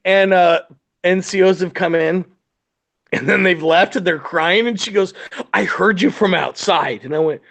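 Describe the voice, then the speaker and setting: Man, high voice, casual garage chat, swearing storyteller who acts out his quotes. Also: fairly even intonation, normal speed, a bit bright. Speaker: military supervisor telling work stories.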